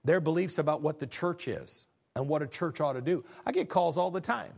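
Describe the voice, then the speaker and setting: A man's voice: on the high side, fairly quick, vocal fry, slightly rough. A pastor in his fifties preaching a sermon, posing rhetorical questions and acting out short exchanges. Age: 50s.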